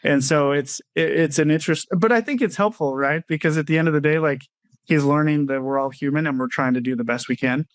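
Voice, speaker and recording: A man's voice: on the high side, fairly quick, no room sound. A man who coaches parents, explaining his views in a casual interview and often checking in with "right?". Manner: thoughtful, explanatory, frequent "right?" tags. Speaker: guest, clinical social worker and parenting coach.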